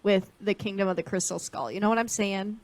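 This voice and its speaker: A young woman co-hosting a podcast, chatting casually with animated, self-mocking quips. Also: mid-range voice, a little fast, no echo. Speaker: podcast co-host. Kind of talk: casual chat.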